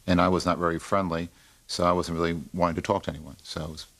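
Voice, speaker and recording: A man's voice: sits low, level tone, fast, fairly bright tone. A man in a documentary interview speaking in a matter-of-fact, firm manner.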